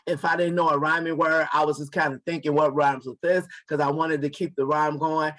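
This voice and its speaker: Talking fairly quickly, this author in his forties, a guest, uses a high-ish, fairly bright voice with little pitch movement. He relates a story casually, performing the quoted dialogue and frequently repeating or restarting words.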